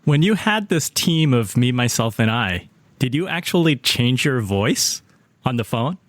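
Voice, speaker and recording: A man's voice: mid-range voice, big pitch swings, a little slow, no room sound. A man hosting a podcast and asking a guest questions. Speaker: podcast host. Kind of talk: interview questions.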